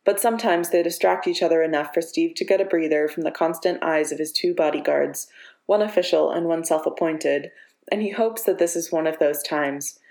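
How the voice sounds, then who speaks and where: A woman narrating a story in a steady, measured reading voice. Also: deep voice. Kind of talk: audiobook narration of fiction. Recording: echoey room.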